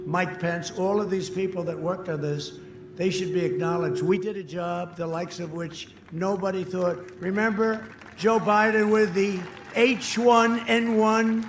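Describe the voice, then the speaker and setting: A man in his seventies giving a boastful, repetitive rally speech that swings between shouts and low asides. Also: fairly even intonation, measured pace. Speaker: political candidate at a rally. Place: outdoor rally crowd. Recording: echoey open-air PA sound, faint crowd noise.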